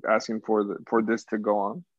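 A man's voice: fairly low pitch, a little fast, dry recording. Young guy ranting a funny story, cussing lots, doing the voices, kinda muffled dry recording. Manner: animated, profane, acts out quotes loudly. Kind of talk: casual chat, storytelling. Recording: dull lo-fi sound.

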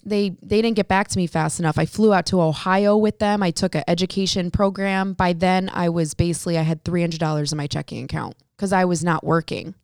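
In a clean-toned voice on the low side, a Connecticut salon owner and hairstylist tells stories as an interview guest. She brings the quoted dialogue to life as a lively storyteller; the recording is dry and studio quality.

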